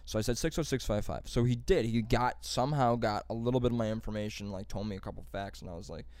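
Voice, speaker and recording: A man's voice: lowish voice, quick pace, a little mellow, smooth, dry recording. A man telling a rambling, profane story in casual chat among friends.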